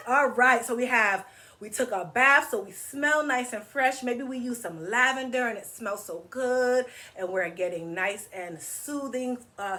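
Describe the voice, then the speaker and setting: A high-voiced woman runs a children's story time. She sings the rhymes, asks the little ones questions and coaxes them to act out each step with her. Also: pushed and bright. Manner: playful, coaxing, asks kids to join in. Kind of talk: read-aloud with singing and movement.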